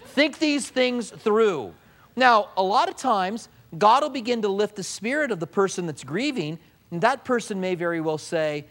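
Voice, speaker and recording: A man's voice: high-pitched, lively intonation, moderate pace. A man preaching a sermon as pastor, in a conversational way, often mimicking what people say.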